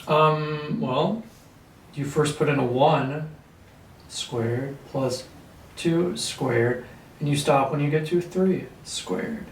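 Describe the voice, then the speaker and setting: A man teaching a calculus lesson at a whiteboard, clearing his throat often and talking through steps with fillers. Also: on the high side, slow, slight background noise. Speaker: math teacher. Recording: echoey room, mic at a distance.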